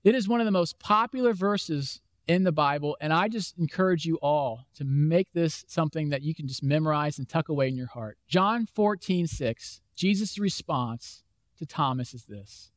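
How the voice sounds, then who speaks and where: A man's voice: on the high side, normal speed, dry recording. A man preaching a conversational sermon as a pastor, acting out the questions of imagined listeners. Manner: conversational, acts out imagined voices.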